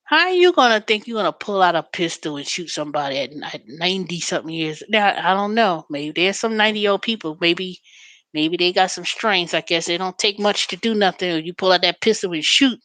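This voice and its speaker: A woman hosting a show in a chatty, storytelling way, turning animated when she quotes callers. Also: fairly low pitch, fairly quick, no echo. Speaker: host. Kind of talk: casual chat.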